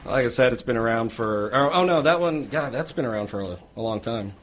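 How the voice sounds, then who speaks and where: A man who plays in a band, a guest on a radio show in the station studio, talking in a halting way full of fillers. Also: mid-range voice, expressive, a little hiss or hum. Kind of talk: casual radio chat.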